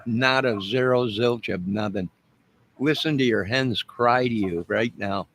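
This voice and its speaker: A man's voice: medium pitch, a little slow, fairly bright tone. A man ranting boastfully and mock-menacingly to his viewers in a drawling, rambling way. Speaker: online music and movie channel host. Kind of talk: rambling comic rant to viewers.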